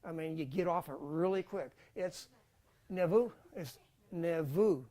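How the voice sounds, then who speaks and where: A man's voice: a little high, measured pace, dark tone. A man teaching a Bible college class in a casual lecture style, thinking aloud with fillers and restarts.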